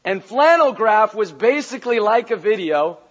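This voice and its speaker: A pastor preaching a sermon, animated and playful, raising his voice to a shout for emphasis. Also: high-pitched, normal speed, slightly rough. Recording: dull lo-fi recording.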